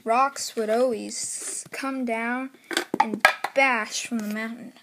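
A young narrator improvising a toy-train story, halting now and then and sighing between lines. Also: medium pitch, fairly even intonation, very noisy.

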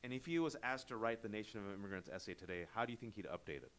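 A man interviewing an author at a live bookstore event, talking in a lively conversational way with joking asides and quick digressions. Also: fairly low pitch.

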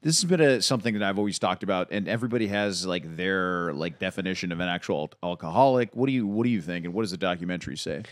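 A man's voice: low voice, quick pace, hardly any pauses, no echo, studio quality. A man co-hosting a podcast, trading joking, boastful banter in casual chat. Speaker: podcast co-host.

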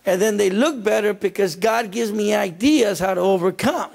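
High gravelly preaching man. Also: normal speed, darkish tone, faint music behind. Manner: repetitive, emphatic preaching. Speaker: pastor. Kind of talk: sermon.

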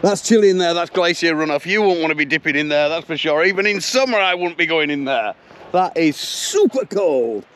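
A man's voice: on the high side, expressive, fairly quick. A middle-aged man with a Yorkshire accent chatting casually while driving his truck, swearing now and then. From Yorkshire, England. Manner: chatty, swears casually, sings snatches of songs. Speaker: truck driver vlogger. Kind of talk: casual driving vlog chat. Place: in a truck cab and outdoors at a lake. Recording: loud road and wind noise.

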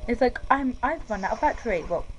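A young woman chatting through a handheld game as a let's-play commentator, rambling and full of "like" and "um", and turning high and whiny when she gets upset. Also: expressive, fast talker, slight background noise, rough recording.

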